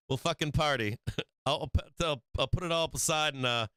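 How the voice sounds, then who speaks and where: A man's voice: a little high, normal speed, bright, forceful tone, clear, resonant tone, dry recording. A man hosting a stock trading livestream in casual chat, rambling and swearing freely, often breaking into laughter.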